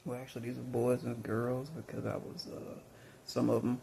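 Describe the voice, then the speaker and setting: A man's voice: medium pitch, level tone, normal speed, creaky, dark tone, a little hiss or hum. A man from Mississippi, telling rambling personal stories full of fillers and restarts. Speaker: vlogger.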